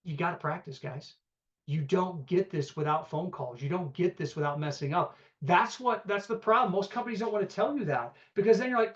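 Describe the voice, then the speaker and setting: A man with a high voice moves at a quick pace through a live real estate investing seminar, recorded with dull audio. Energetic and conversational, he keeps asking the audience rhetorical questions and checking in with "okay?"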